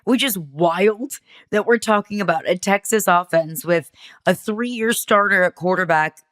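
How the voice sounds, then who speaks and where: A woman's voice: mid-range voice, unhurried, a bit bright. A woman co-hosting a sports show, making dry, wry points and stacking up lists of facts. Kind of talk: analytical sports talk.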